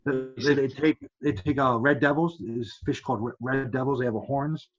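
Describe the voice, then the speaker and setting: A man's voice: mid-range voice, steady tone, moderate pace, muffled recording. A man, a former fighter, telling rambling stories as a podcast guest, stumbling and restarting often and acting out other people's lines. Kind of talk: casual storytelling.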